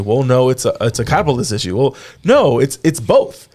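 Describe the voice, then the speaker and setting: A man's voice: mid-range voice, lively intonation, normal speed, darkish tone. A man hosting a political podcast, speaking in an opinionated and emphatic way. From Hispanic community in the United States. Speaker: podcast host. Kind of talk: casual political chat.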